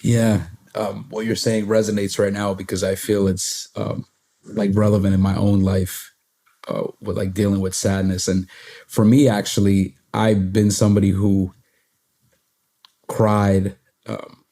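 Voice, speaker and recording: A male podcast host in loose, casual conversation, his voice low-pitched and mellow. He rambles and circles around his point, scattering "like" through every sentence. Now and then he laughs at himself. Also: little pitch movement, measured pace. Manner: rambling, heavy use of "like" fillers, laughs at himself.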